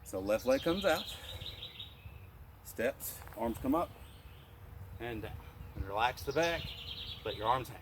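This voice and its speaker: A man teaching a guided qigong lesson as a martial arts instructor, calmly cueing breaths and movements. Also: medium pitch, unhurried, long pauses, noisy background. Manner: calm, cueing breaths and moves.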